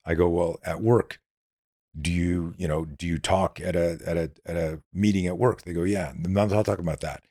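A middle-aged man with a very low, rough, husky voice talks as a guest on an interview show. He tells stories with energy and acts out both sides of the conversations in them. The sound is close and dry, with no room echo. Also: moderate pace. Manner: animated storyteller acting out dialogue. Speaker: podcast guest, self-defense instructor. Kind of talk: casual interview talk.

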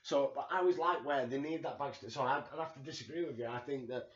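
Excitable Yorkshire podcast host. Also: male voice, medium pitch, quick pace. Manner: animated, excitable, swears freely. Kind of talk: casual chat. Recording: echoey room, dull lo-fi sound.

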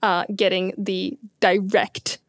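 A woman astronomer talks through science in a relaxed, chatty way, stumbling over fillers and restarts and laughing often. Her pitch sits in an ordinary middle range. The recording is dry and close, with no room sound. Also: slow, dry recording. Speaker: astronomer guest. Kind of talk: casual science chat.

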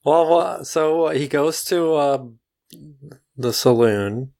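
A man's voice: a little high, slow pace, creaky, a little mellow, no echo, studio quality. A laid-back man chuckling along in a casual comedic chat and poking at the story's logic.

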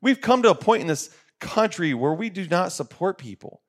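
A man's voice: high-pitched, expressive, moderate pace. Middle-aged male podcast co-host, ex-coach, preachy and emphatic, repeats himself for weight. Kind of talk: motivational podcast talk.

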